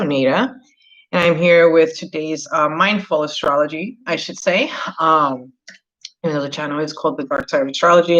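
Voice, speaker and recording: A woman's voice: low voice, bright, forceful tone, lo-fi sound. A woman hosting an astrology channel, chatting casually and rambling with lots of fillers as she tells a story. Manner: rambling, many fillers, gets heated retelling a story.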